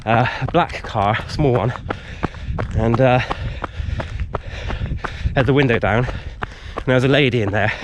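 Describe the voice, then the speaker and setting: A man's voice: mid-range voice, unhurried, pauses often, background noise. A man vlogging outdoors in a wood, telling a story casually with lots of fillers, a little tired from running. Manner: rambling, animated retelling with frequent fillers.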